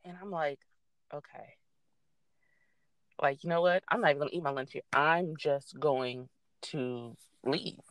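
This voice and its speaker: A young adult woman casually telling a story, animated and swearing freely as she acts out what people said. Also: low voice, moderate pace, no room sound.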